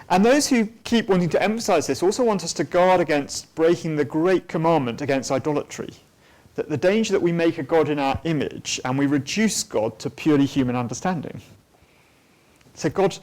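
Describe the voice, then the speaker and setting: Brief: man, church teacher, explaining theology off the cuff, slightly higher voice, halting with ums. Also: expressive, a little mellow. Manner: thoughtful, with many ums and restarts. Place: church hall at a weekend away.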